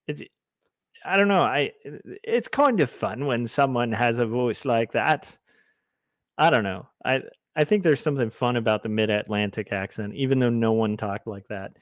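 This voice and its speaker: While drawing comics on stream, this comic artist talks in a mid-range voice with no echo. Goofy and rambling, he pokes fun at himself, reads the chat out loud, and attempts silly voices in relaxed conversation.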